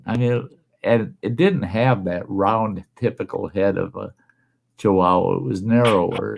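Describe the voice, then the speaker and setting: A man's voice: fairly low pitch, gravelly. A man telling a folksy tale in casual chat, acting out the voices of the people in his stories.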